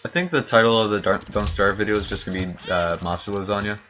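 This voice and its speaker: A man's voice: fairly low pitch, fairly even intonation, quick pace, a bit bright, slight background noise. A man casually commenting on his game play, rambling and correcting himself as he goes. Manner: rambling, self-correcting, chuckling asides. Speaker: gaming channel host.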